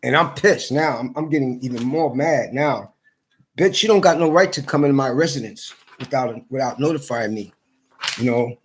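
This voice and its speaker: A man's voice: mid-range voice, moderate pace, a little hiss or hum. A man in an angry, heated rant to camera, swearing a lot and repeating himself. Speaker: vlogger.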